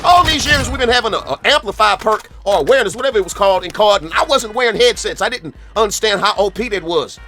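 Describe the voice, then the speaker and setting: A man's voice: high-pitched, animated, quick pace, few pauses, pushed and bright. A man giving blunt, frustrated commentary about a game, swearing casually. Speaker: gaming commentator in a played clip. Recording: music playing clearly underneath.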